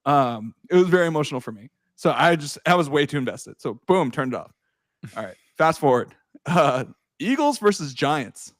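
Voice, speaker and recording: Male podcast host, thirties, animated storyteller, dry booth sound. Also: normal speed, no echo. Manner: animated storytelling, swearing, laughing, shouting at highs. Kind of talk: casual chat.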